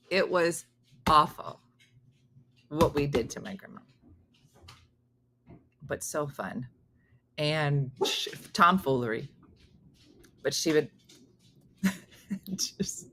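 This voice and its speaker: A deep-voiced middle-aged woman hosts a casual morning chat show, reading viewer comments with slight background noise behind her. She tells family stories in an animated way, acting out the voices involved.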